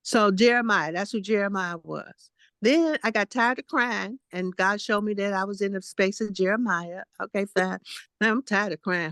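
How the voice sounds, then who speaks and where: A woman's voice: mid-range voice, normal speed, fairly bright tone, no room sound. Blunt, emphatic woman in her sixties. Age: 60s. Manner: blunt, emphatic, repetitive and fussing. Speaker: guest spiritual teacher. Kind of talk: casual spiritual testimony.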